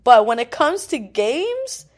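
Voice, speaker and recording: A young woman hosting a podcast, telling animated, laughing stories in casual chat and swearing freely. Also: high-pitched, slow pace. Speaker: podcast host.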